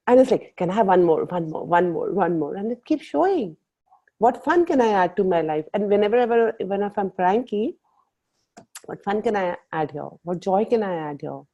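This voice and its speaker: A woman's voice: mid-range voice, lo-fi sound. A woman leading a coaching workshop, asking the group questions and mixing in Hindi phrases. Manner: lively, playful, asks the group questions, mixes in Hindi phrases. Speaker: workshop facilitator. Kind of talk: live coaching talk on a video call.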